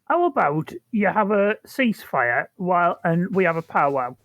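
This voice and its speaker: A woman's voice: lowish voice, very animated, normal speed, no room sound. Blunt woman player, dry sound. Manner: blunt and scolding. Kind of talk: in-character tabletop play.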